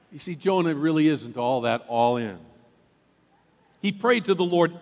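A man preaching in a large church sanctuary, animated and chatty with the congregation. His voice sits fairly high for a man, and a long hall reverb trails behind every phrase. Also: a little slow. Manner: animated, conversational preaching with asides. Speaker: pastor. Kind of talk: sermon.

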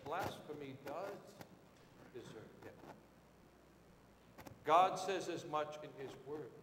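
A man preaching a sermon with dramatic swings, rising to shouted quotes and dropping low and quiet. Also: lively intonation, slow pace, echoey room, long reverb tail, a little hiss or hum.

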